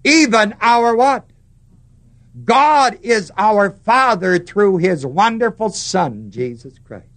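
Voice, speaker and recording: A man preaching a sermon, stressing words slowly and putting questions to the congregation. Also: high voice, expressive, a bit bright.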